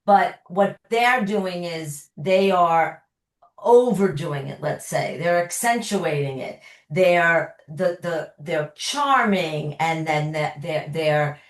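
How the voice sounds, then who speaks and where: A woman's voice: lowish voice, slow. A woman therapist answering questions, explaining with everyday examples in a conversational way. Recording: echoey room sound.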